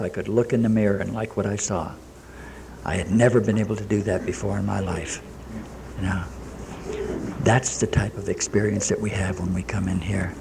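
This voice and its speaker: A man's voice: fairly low pitch, gravelly, mellow, slight background noise. A man telling his own recovery story to a meeting audience, in plain talk full of quoted dialogue and dry jokes. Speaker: speaker sharing at a recovery meeting. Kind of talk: personal recovery story told to a live audience. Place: meeting room with a live audience.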